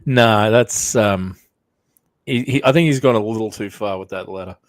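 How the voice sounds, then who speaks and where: A man's voice: lowish voice, moderate pace, no echo. A man co-hosting a casual podcast, skeptical and dry, laughing often. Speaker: podcast co-host. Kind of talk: casual chat.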